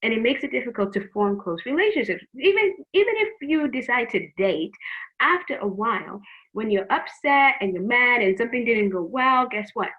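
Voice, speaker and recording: A woman's voice: on the high side, animated, moderate pace. Earnest middle-aged woman on a tinny line. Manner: earnest, repeats words, frank advice. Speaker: youth program teacher. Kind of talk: faith-based talk to teens.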